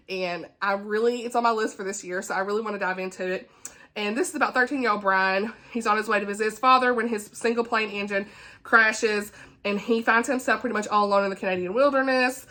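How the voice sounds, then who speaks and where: A woman with a Southern accent, chatting casually as a book vlogger, folksy and quick to laugh. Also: mid-range voice, sharp tone. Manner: chatty and folksy, laughs often, says "y'all" and "honey". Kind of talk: casual chat.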